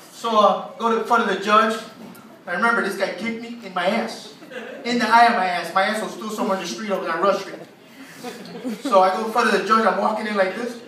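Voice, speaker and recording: Male stand-up comic, high and sharp-toned, profane storyteller; roomy, distant recording. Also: slight background noise. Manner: profane, laughing at his own story. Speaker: stand-up comedian. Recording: echoey room from far off.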